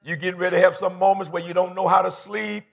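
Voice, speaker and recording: A man's voice: high voice, flat delivery, fast talker, vocal fry. A man in his fifties preaching a fervent, folksy sermon in church, calling for responses from the congregation. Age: 50s. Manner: colloquial, folksy phrasing. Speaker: pastor.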